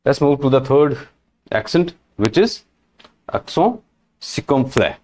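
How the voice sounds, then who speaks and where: Man, language teacher, animated pitch, slow delivery, repeats every example. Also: a little hiss or hum. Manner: repeats each example several times, checks with "right?" and "correct?". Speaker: French teacher. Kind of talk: slow, repetitive language lesson.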